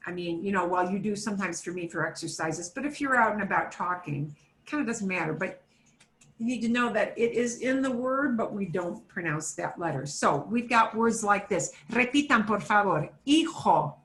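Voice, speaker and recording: A woman's voice: mid-range voice, lively intonation, a little fast, a bit bright, roomy sound. A woman teaching an online Spanish class for beginners, patiently modelling words for students to repeat.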